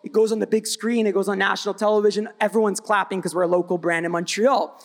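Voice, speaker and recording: Male panelist, high and gravelly, energetic blunt storytelling at a live event. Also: fast talker. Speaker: brand founder, panelist. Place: event stage before live audience.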